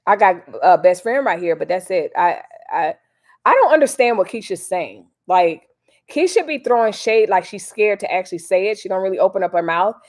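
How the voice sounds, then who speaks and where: A woman's voice: medium pitch, expressive, moderate pace, darkish tone. A woman hosting a casual live stream, chatting in a slangy, direct way to her viewers. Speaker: livestream host.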